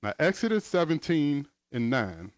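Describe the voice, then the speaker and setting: A man's voice: on the high side, sing-song, moderate pace, no room sound. A man giving a conversational Bible teaching over a video call, reading verses with casual asides. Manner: casual, asides and chuckles between scripture readings.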